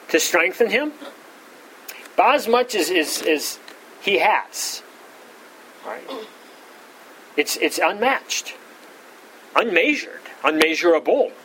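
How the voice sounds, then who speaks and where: Male pastor, slightly higher voice, expository sermon with emphatic pitch rises, faint background noise. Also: a bit bright, low-quality recording. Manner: repeats words, frequent "all right" fillers. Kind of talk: expository Bible teaching.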